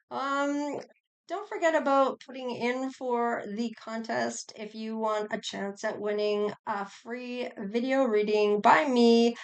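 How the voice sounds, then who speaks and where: Middle-aged lady doing a tarot reading, kinda high voice, slow and chatty, rambles a lot. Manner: chatty, rambling, with frequent sighs and laughs. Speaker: tarot reader. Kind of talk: casual tarot reading monologue.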